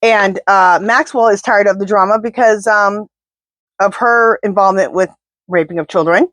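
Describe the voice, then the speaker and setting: A woman's voice: medium pitch, normal speed, a bit bright, no echo. A woman doing a casual tarot reading to camera, talking to her spirit guides and speaking bluntly and indignantly. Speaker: tarot reader.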